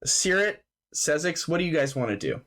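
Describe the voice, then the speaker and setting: A man running a tabletop game over voice chat, in a fairly high voice whose pitch jumps around a lot. He narrates loosely and casually, swearing freely, laughing and padding his sentences with "like". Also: very animated, normal speed, fairly bright tone. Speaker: game master.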